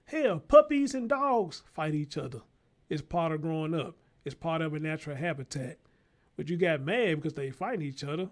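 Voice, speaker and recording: A man's voice: a little high, lively intonation, moderate pace. A man hosting his own show, giving heated, profane commentary on news clips and calling out to his listeners like a preacher. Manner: profane, fired-up, preacher-like call-outs. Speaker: show host.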